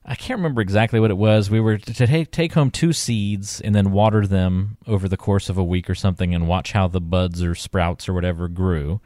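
A man co-hosting a talk show about finances, telling stories in a relaxed way with fillers and laughs. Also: low voice, fairly quick, few pauses, no room sound, clean studio sound. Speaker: podcast co-host. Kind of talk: casual chat.

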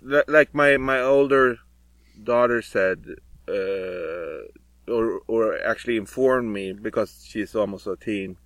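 A man's voice: lowish voice, slow pace, a bit bright, no echo, rough recording. A middle-aged man, a podcast guest, telling stories in a rambling, hesitant way with many fillers. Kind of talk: casual chat.

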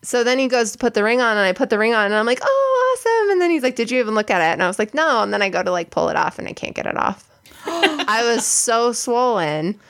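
Young woman, podcast co-host, gravelly edge, chatty storytelling, lots of "like". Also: on the high side, fast, fairly bright tone. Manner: chatty, many "like" fillers. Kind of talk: casual chat, storytelling.

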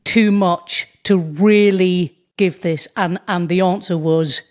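Animated woman telling stories. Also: lowish voice, takes it slowly. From England. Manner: animated storytelling, slips into put-on voices. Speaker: guest comedian. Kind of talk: casual interview chat.

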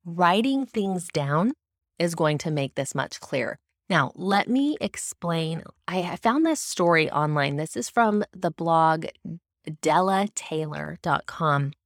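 A woman speaks in a somewhat low voice, earnest and explanatory as she teaches about faith. The recording is dry and close, with no room sound. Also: lively intonation, slow pace, no room sound. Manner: earnest, explanatory, with occasional restarts. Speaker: devotional speaker. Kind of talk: faith-based teaching talk.

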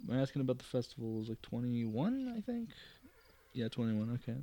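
A man's voice: medium pitch, sing-song, a little fast, mellow. A man reading a gamebook aloud and musing over his choices, with self-deprecating asides. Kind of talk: casual reading and commentary.

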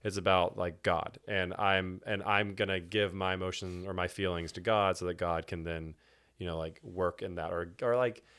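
A man's voice: deep voice, fairly even intonation, normal speed, fairly bright tone. A young man from Texas, a church elder candidate, talking about faith in a rambling, casual way with many restarts. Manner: rambling, many restarts and fillers, laughs often. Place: indoor room with host.

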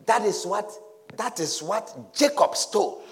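A male preacher giving a dramatic sermon, repeating phrases and often shouting. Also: sits high, lively intonation, measured pace.

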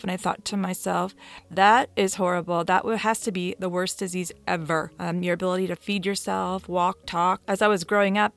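Low gravelly woman telling her story. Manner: candid, conversational, repeats words for emphasis. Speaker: person sharing her illness story. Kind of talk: personal storytelling to camera.

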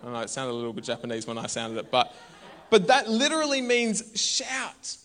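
A man's voice: on the high side, a little fast. A man, preaching a conversational sermon in a church. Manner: conversational and animated, bursts into shouts. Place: church hall.

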